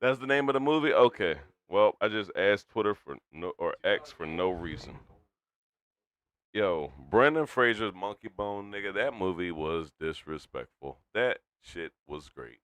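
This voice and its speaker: A man co-hosting a live stream, talking loudly and with lots of swearing, drinking tequila as he chats. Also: fairly low pitch, measured pace, no room sound. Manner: loud, profane, animated storytelling. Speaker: stream co-host. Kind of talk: casual stream chat.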